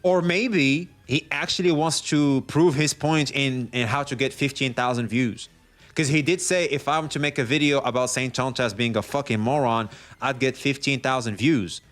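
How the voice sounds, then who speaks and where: A man's voice: medium pitch, normal speed, a bit bright. A man reacting to a clip and talking to his chat, dry and mocking. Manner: sarcastic, mocking. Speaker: commentary YouTuber. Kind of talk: reaction commentary.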